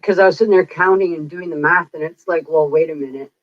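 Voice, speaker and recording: This psychic livestreamer is a woman in her forties who tells stories casually, chatting and rambling while acting out what people said. Her voice is low and quick. The recording is dry, dull and lo-fi, with no echo.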